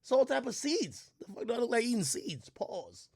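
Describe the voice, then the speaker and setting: A man streaming casual commentary, reading a menu aloud and ranting in loud, profane disbelief. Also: very high voice, very animated, moderate pace, vocal fry, breathy edge, no echo.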